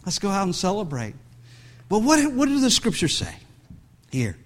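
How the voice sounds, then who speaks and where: A male pastor preaching a sermon, his voice sitting high and moving in wide, animated swings. He reads scripture, then talks to the congregation in loose, chatty asides, often restarting his words. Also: moderate pace. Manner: conversational, many restarts and asides.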